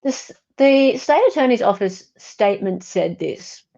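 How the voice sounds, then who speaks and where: A woman's voice: mid-range voice, animated, a little slow, creaky, mellow, highs cut off. A woman with an Australian accent hosts a casual livestream, reading viewer comments with wry, self-correcting asides. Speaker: online commentator.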